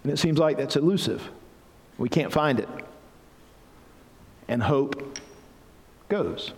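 A man's voice: a little high, lively intonation, takes it slowly. A man preaching a sermon as pastor, earnest and building to emphatic passages. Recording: reverberant hall.

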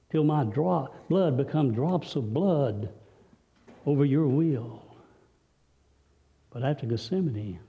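A male preacher delivering a sermon, telling a story with dramatic swings between loud, high passages and hushed, low ones. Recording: dull, lo-fi recording with long hall reverb.

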